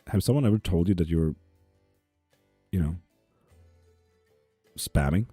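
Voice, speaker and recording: Male tarot streamer, very low mellow voice, sardonic and swearing, dry close sound. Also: animated, a little slow, pauses often, breathy edge, dry recording, soft background music. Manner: profane, sarcastic, laughs often. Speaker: live tarot reader and stream host. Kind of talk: casual live-stream chat, reading comments aloud. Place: apartment.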